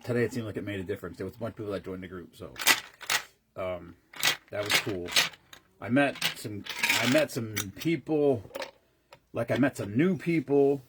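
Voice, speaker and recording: A man's voice: fairly low pitch, normal speed, long pauses, heavy background noise. A man casually chatting on a live stream, rambling between stories and greeting viewers by name as he mixes drinks.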